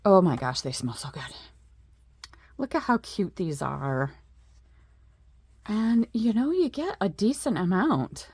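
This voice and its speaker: A woman's voice: medium pitch, very animated, takes it slowly, pauses often, a little mellow, breathy edge, no echo. A middle-aged woman in a casual craft show-and-tell, chatting with lots of fillers and admiring asides. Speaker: craft vlogger.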